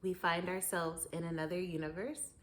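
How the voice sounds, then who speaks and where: A woman's voice: lowish voice, moderate pace. Lady host chatting away about her dreams, laughs a lot, talks right to you. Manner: animated, laughs often, talks to the listener directly. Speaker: podcast host. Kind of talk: casual storytelling monologue.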